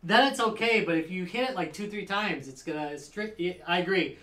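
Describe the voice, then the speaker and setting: A man's voice: high voice, normal speed, bright, forceful tone. A man co-hosting a casual podcast chat, jokey and rambling, often laughing. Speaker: podcast co-host.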